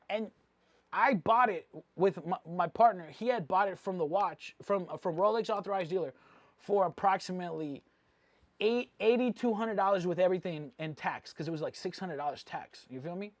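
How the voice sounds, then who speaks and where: A man's voice: high-pitched, no echo. A man from Mexico City, a jewelry vlogger, giving a rambling, slang-heavy opinion rant with frequent asides.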